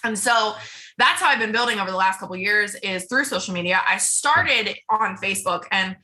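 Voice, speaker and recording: A woman's voice: medium pitch, fairly quick, bright, forceful tone. A young adult woman guest talking casually and eagerly in an interview, often repeating words for emphasis. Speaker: podcast guest.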